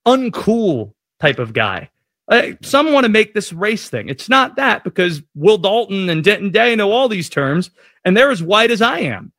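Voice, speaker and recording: A slightly high-voiced male sports radio host who talks in a playful, self-mocking way. His voice is close and dry, with no room sound around it. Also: normal speed, dry recording. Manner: jokey, self-deprecating, animated. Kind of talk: casual sports radio chat.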